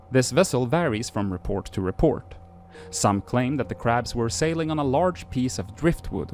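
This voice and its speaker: A man hosting a show, reading archive entries aloud and breaking off into casual, self-deprecating asides full of fillers. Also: mid-range voice.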